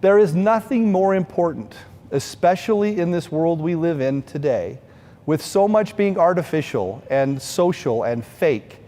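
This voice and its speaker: A middle-aged man tells a heartfelt story to a benefit audience, earnest and sincere. His voice sits a little high yet sounds mellow and soft-edged. A long hall reverb trails behind every phrase. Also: animated, a little slow. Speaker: benefit event speaker. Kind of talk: storytelling speech.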